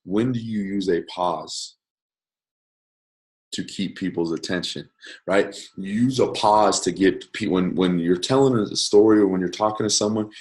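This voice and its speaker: A man teaching a course in a casual, conversational way, often checking in with "right?" and changing his loudness to show a point. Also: low-pitched. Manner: conversational, many fillers and "right?" check-ins, varies loudness to demonstrate. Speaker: course instructor.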